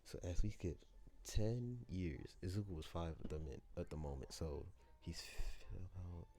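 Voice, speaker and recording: A low-voiced man improvising a fan story out loud, rambling and hesitant, often restarting his sentences. His voice is dark and mellow. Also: lively intonation, normal speed.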